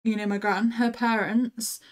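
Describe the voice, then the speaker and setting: A woman's voice: a little high, flat delivery, a little slow. A woman from the UK co-hosting a casual review podcast, chatty and teasing, going off on tangents. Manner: chatty, teasing, tangent-prone, many "like" fillers. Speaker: co-host.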